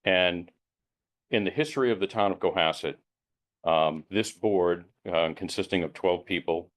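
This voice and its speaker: A man explaining background at a town board meeting, hesitant, with many ums, measured and plain. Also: low voice. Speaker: elder affairs board member.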